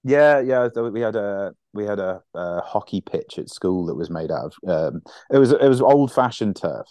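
A man's voice: fairly low pitch, expressive, normal speed, dark tone, no room sound. A man, co-hosting a casual sports podcast, rambling with frequent restarts and swearing. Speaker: podcast co-host.

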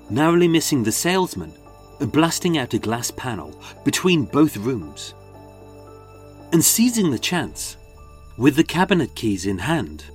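Animated male true-crime narrator. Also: mid-range voice. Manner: dramatic, animated storytelling.

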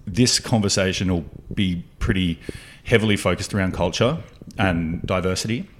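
A man's voice: sits low, a little hiss or hum. A man hosting an interview, asking friendly, rambling questions. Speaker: podcast host. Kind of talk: casual interview.

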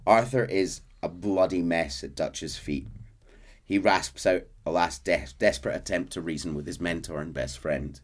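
A low-voiced man recaps a video game storyline for a podcast. His narration is steady and measured, and he acts out the characters' quotes with some drama. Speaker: podcast host.

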